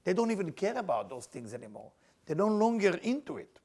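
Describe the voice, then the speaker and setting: A man's voice: sits high, sing-song, brisk, darkish tone, heavily acted. God, stern and reasoning, as a man speaks him. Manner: firm, explaining, questioning.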